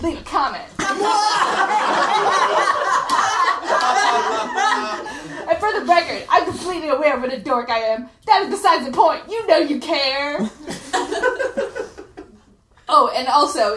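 A young adult woman reading her old teen blog aloud for laughs, in a lively, self-mocking way, full of "like" fillers. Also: high-pitched, measured pace, crowd noise. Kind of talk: comic live reading to a laughing audience. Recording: echoey room with faint noise.

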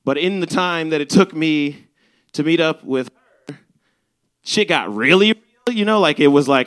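Young male comic, animated storyteller, slightly high bright tone. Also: moderate pace, pauses often. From Chicago's South Side. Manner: animated, swearing, acts out quotes. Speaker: stand-up comedian. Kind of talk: stand-up storytelling.

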